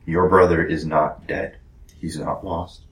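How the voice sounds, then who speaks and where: A man voicing a guilt-ridden, tender young rebel fighter in a tabletop role-play, hesitant and soft, trailing toward whispers, in a roomy space. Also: deep voice, little pitch movement, a little slow. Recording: roomy echo.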